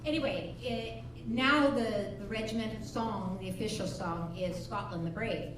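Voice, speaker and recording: A woman around seventy, leading a ukulele jam with relaxed, chatty song introductions and a laugh at herself. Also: medium pitch, normal speed, far from the mic. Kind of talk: casual on-stage song introductions. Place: live music bar. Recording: echoey bar heard from afar, with music.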